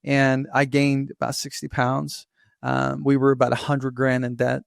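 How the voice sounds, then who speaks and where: A man's voice: medium pitch, gravelly, no room sound, studio quality. A man from Newfoundland who now sounds American, talking candidly and energetically as a podcast guest on a remote call. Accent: General American. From Newfoundland, Canada. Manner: candid, energetic, talks fast with restarts. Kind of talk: casual podcast interview.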